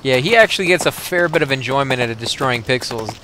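A man hosting a game walkthrough, explaining steps in a relaxed way with plenty of fillers. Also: mid-range voice, fast talker, a little hiss or hum. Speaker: host.

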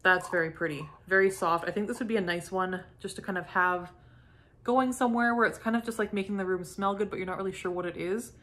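A middle-aged woman from Canada chatting casually as she unboxes and sniffs candles, gushing softly and lingering over each scent. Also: medium pitch, steady tone, fast talker, a little hiss or hum. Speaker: candle review vlogger. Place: home.

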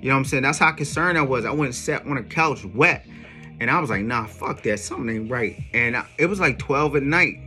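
A man's voice: mid-range voice, a little fast, faint music behind. A man telling his own story in a casual monologue, full of slang and emphatic asides. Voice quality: streetwise slang with frequent "yo" and profanity. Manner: animated, emphatic retelling. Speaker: songwriter vlogger.

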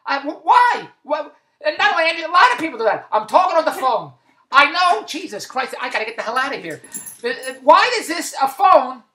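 Exasperated high bright woman ranting. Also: big pitch swings, a little fast. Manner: exasperated, repeats questions, stammering restarts. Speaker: comedic monologuist. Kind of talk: comedic rant. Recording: echoey room.

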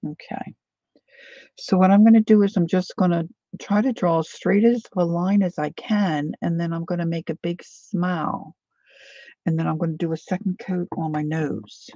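A woman's voice: on the low side, fairly even intonation, normal speed, mellow, no echo, highs cut off. A woman hosting a casual painting tutorial, chatty and often drifting into side stories as she works.

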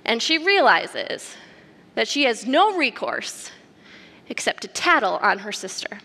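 A woman preaching a sermon in a conversational, animated storytelling manner, often turning to the congregation with questions. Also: a little high, a little slow. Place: church sanctuary. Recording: long church hall reverb.

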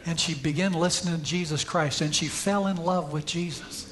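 Guy preaching in church, pretty high voice, tells stories then gets loud and punchy. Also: fairly even intonation, moderate pace. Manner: storytelling preacher, rising to emphatic peaks. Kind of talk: sermon. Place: church sanctuary.

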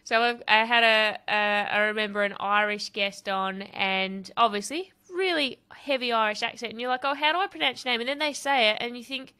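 A woman's voice: on the high side, fairly quick, few pauses, pushed and bright, clear, resonant tone. A woman hosting a podcast, chatting casually and laughing at herself. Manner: chatty, self-deprecating, laughs often. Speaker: podcast host. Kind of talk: casual interview chat.

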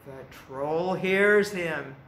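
A woman presenting a library storytime, telling a folk tale to young children in a slow, expressive way. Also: deep voice. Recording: roomy echo with faint background noise.

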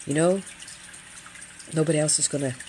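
A woman's voice: sits low, steady tone, normal speed, warm tone, slight background noise. A middle-aged woman hosting a casual feng shui livestream, talking earnestly and chattily and often repeating her phrases.

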